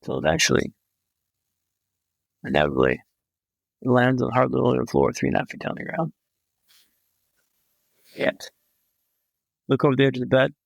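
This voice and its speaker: Gravelly, vivid storytelling man. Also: medium pitch, sing-song, normal speed, long pauses, no room sound. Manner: vivid, dramatic storyteller with wry humor. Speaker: podcast guest. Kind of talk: storytelling in a conversation.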